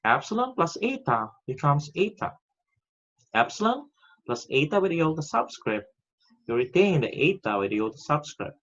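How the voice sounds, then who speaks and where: A man's voice: on the high side, big pitch swings, moderate pace, fairly bright tone. A man teaching a recorded online class, reciting grammar rules step by step in a methodical way. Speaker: Greek teacher. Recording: dull lo-fi audio.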